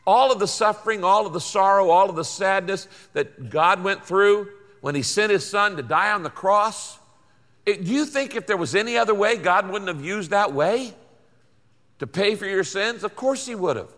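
Older pastor preaching in an echoing hall. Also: male voice, high voice, moderate pace, a bit bright. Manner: folksy storytelling, emphatic repetition. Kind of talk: sermon.

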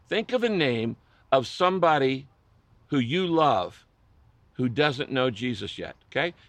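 A man's voice: mid-range voice, no echo. An older man preaching a sermon as a pastor, passionate, often swelling in volume and pleading.

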